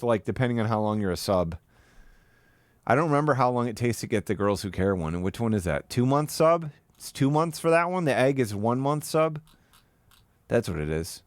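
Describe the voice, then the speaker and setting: A man's voice: mid-range voice, dry recording, clean studio sound. Profane, mocking male streamer. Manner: mocking, profane, mimics the clip. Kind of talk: live-stream commentary.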